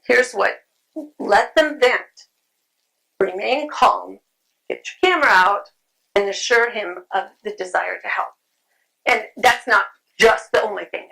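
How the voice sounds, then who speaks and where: A woman's voice: mid-range voice, creaky, pushed and bright, low-quality recording. A woman giving a conversational talk at a convention, repeating phrases and saying um often. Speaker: convention speaker. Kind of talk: conference talk. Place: convention room.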